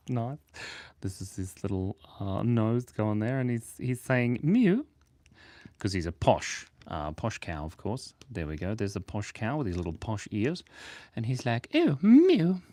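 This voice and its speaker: Playful, chatty man streaming his drawing. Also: medium pitch. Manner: playful, rambling, chatty with viewers. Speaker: live-streaming artist. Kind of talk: casual livestream chat while drawing. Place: home studio in Australia.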